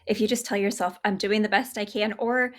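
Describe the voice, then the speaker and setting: A woman's voice: mid-range voice, fairly even intonation, fairly quick. A woman hosting a podcast interview, speaking in an agreeable, reflective and affirming way. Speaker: podcast host.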